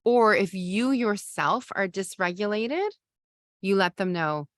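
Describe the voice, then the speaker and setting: A woman's voice: mid-range voice, lively intonation, slow pace, no echo, clean studio sound. A woman hosting a live parenting masterclass, reading viewer questions and answering them in a loose, conversational way. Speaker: parenting coach and podcast host.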